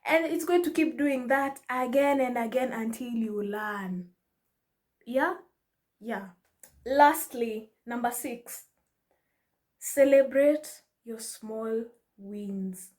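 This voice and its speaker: A young woman giving casual life advice to her viewers, animated and laughing often, mixing in Swahili slang. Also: on the high side, slow. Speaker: vlogger. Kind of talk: casual advice talk to camera.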